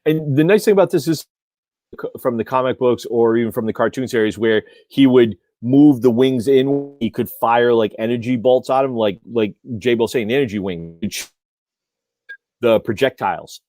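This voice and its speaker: A man co-hosting a toy news livestream, excitedly praising figures and often breaking off mid-word. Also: medium pitch, no room sound. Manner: excited, halting, trails off and restarts words. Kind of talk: casual chat.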